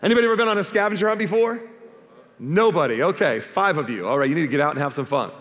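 A man preaching a sermon as pastor, animated and humorous, asking the congregation questions. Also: fairly high pitch, fast, in a large hall. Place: church stage before a live congregation.

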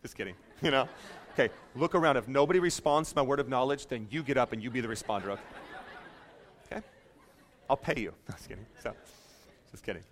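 A man preaching a sermon, telling stories in an animated, self-mocking way with joking asides. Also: mid-range voice, fast talker, pauses often, slight background noise.

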